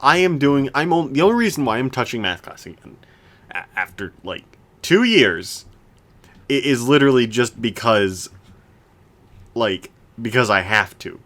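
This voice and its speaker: A young man co-hosting a casual podcast chat, rambling with lots of restarts and animated rants. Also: medium pitch, normal speed. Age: young adult. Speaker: podcast co-host.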